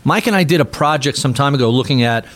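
A man's voice: mid-range voice, expressive, fast, a bit bright. A man speaking as a guest on a podcast, blunt and emphatic. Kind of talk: casual podcast conversation.

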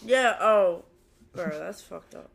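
Young woman with a creaky voice, blunt. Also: mid-range voice, animated. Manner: blunt, quick reactions, swears. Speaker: podcast co-host. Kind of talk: casual chat.

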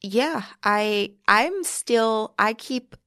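A woman's voice: a little high, lively intonation, drawn-out words, bright, forceful tone, clear, resonant tone. A woman from Long Island, New York, with a light Long Island accent, chatting casually and jokingly as a political commentator on a podcast, often restarting her sentences.

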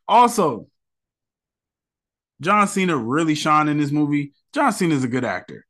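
A young man hosting a casual solo movie-review podcast, animated and slangy. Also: a little high, moderate pace, pauses often. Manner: animated, slangy, re-enacts scenes with quoted voices. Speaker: podcast host.

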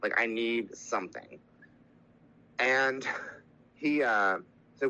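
A young man telling his own story of addiction and recovery, candid and halting, with many fillers and restarts. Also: medium pitch, animated, pushed and bright, dull audio.

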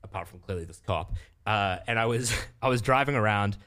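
A man's voice: fairly low pitch, a little fast, fairly bright tone. A man with a New Zealand accent telling a story in casual chat, hedging and hesitant with fillers.

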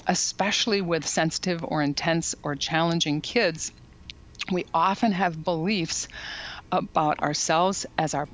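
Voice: medium pitch, steady tone, a little slow, fairly bright tone. Parenting educator guest, thoughtful and explanatory, a bit muffled recording. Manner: thoughtful, many fillers and restarts, explanatory. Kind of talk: casual podcast conversation.

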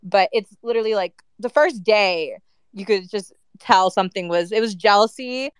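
A woman's voice: medium pitch, normal speed, clear, resonant tone, dry recording. A woman in a casual audio chat room, talking heatedly and filling her speech with "like" and "um". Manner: heated, with frequent "like" and "um" fillers. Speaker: guest speaker.

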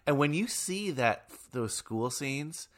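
A man's voice: medium pitch, takes it slowly. A man co-hosting a podcast, chatting casually and ramblingly about a film. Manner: rambling, animated, lots of fillers. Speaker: podcast co-host.

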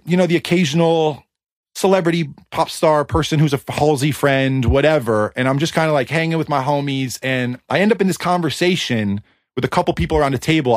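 A man telling an animated story in casual podcast chat, swearing casually and speeding up in bursts. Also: a little high, dry recording, studio quality.

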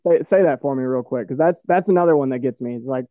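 A man's voice: mid-range voice, fast talker, hardly any pauses, no echo, lo-fi sound. A man from Michigan with a Midwestern American accent, hosting a podcast in casual, profane, rambling chat full of fillers. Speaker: podcast host.

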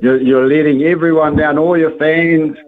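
A man's voice: a little high, fairly even intonation, moderate pace. A man calling talkback radio, earnest and a little hesitant. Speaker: caller. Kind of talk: phoned-in talkback chat. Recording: tinny phone line.

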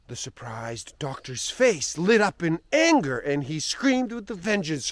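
Slow, earnest male storyteller. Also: on the high side, big pitch swings, no echo. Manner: slow, earnest, sometimes dropping soft. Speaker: storyteller and spiritual speaker. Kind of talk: reflective spiritual narration.

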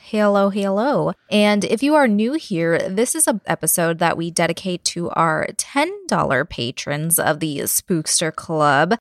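A woman's voice: on the low side, no echo, clean studio sound. A woman hosting a paranormal podcast, chatty and casual as she narrates history, laughing easily. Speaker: podcast host.

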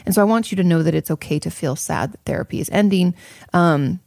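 A woman's voice: lowish voice, quick pace, creaky, darkish tone, no echo, studio quality. A woman therapist talking casually to her audience, reassuring and chatty, with many fillers and restarts. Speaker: therapist answering audience questions. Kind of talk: casual advice talk.

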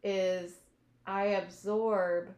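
A woman's voice: medium pitch, little pitch movement, drawn-out words, a little mellow. A woman as an interview guest, earnestly telling her recovery story and sometimes searching for words. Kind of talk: reflective personal testimony. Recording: echoey room.

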